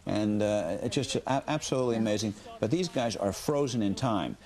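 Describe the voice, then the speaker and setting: A man working as a military analyst, commenting on live news in a measured way with frequent fillers. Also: fairly low pitch, expressive, darkish tone.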